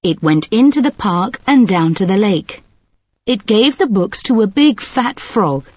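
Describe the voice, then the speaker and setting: A woman tells a short story slowly and calmly. Her voice moves through a lively range of pitch. The sound is dry, recorded close. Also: dry recording. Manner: calm storybook telling. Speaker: narrator. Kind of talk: scripted story narration.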